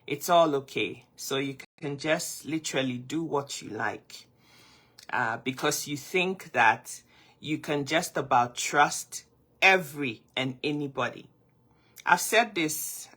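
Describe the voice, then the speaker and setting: A woman's voice: very deep voice, fairly bright tone. A woman with a groggy morning voice, hosting a casual live-stream chat as a life coach and greeting her viewers affectionately.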